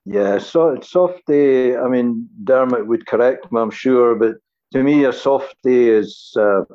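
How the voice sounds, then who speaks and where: A man's voice: medium pitch, unhurried, dark tone, muffled recording. An older man as a podcast guest, chatting with a dry, wry humor. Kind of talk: casual chat.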